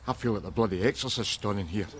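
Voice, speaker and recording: A man's voice: on the low side, fast, slight background noise, lightly acted. A man playing a scruffy, crude, middle-aged Glaswegian man who mocks people with sarcastic asides. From Glasgow. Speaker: sitcom character. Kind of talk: sitcom acting. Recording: TV clip with music over it.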